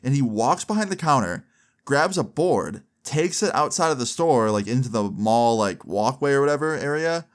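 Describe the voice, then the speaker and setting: A young man in his twenties telling a comic story in a casual, animated way, with frequent swearing. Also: medium pitch, moderate pace.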